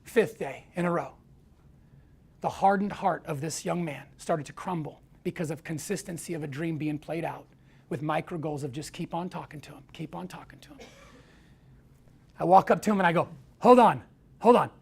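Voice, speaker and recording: Guy with a gravelly voice telling a story live, super animated, does all the voices himself. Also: fairly high pitch, normal speed. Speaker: speaker. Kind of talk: storytelling talk to an audience.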